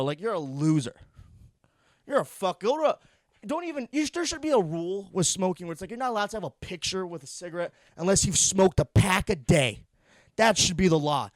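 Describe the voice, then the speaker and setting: A man's voice: high-pitched, sing-song, brisk, no echo. A young man ranting through a profane, sarcastic comedy monologue, a little out of breath from pacing. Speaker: podcast host.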